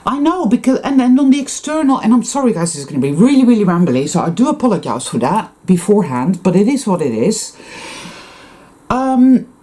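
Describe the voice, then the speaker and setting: A woman's voice: medium pitch, big pitch swings, brisk, mellow, slight background noise. A woman talking straight to her viewers in a rambling monologue, swearing often and sighing heavily between thoughts. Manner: profane, intense, sighing. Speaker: spiritual vlogger.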